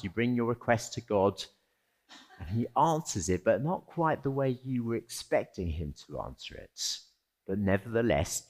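A male pastor preaches at an unhurried pace, letting his voice leap high and low for emphasis. He keeps it conversational, tossing rhetorical questions at the listeners. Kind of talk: sermon.

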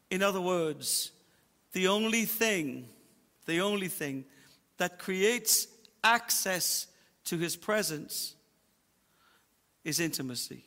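A man preaching a sermon as pastor, emphatic, slowing down to stress his points. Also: on the high side, pushed and bright, long reverb tail. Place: church auditorium.

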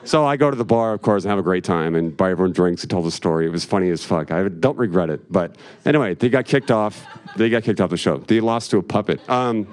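A man's voice: deep voice, expressive, fast talker, few pauses, darkish tone, some chatter behind. A man doing stand-up, telling a long, profane story in a rambling way and laughing along as he goes. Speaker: stand-up comedian.

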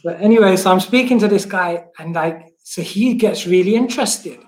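A man's voice: high voice, normal speed. A man with a British accent, a monk telling stories as a guest in a casual interview, with many fillers. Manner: animated storyteller with many fillers and laughs. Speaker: guest, monk and book distributor. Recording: echoey room.

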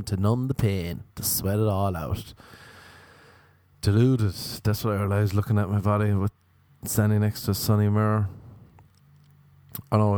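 A man's voice: on the low side, darkish tone, dry recording. A man doing a stand-up comedy monologue, rambling and self-mocking with crude jokes.

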